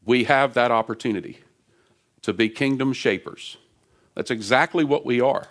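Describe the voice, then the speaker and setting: A man giving a lively, conversational sermon from a church stage microphone, chatty and quick to laugh. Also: mid-range voice. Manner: animated and chatty, laughs often. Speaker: guest preacher. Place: church sanctuary.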